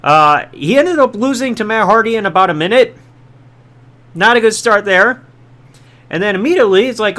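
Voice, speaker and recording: A man hosting a podcast, recapping storylines in a chatty, casual way with quick asides and quoted lines. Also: sits high, animated, sharp tone. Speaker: podcast host.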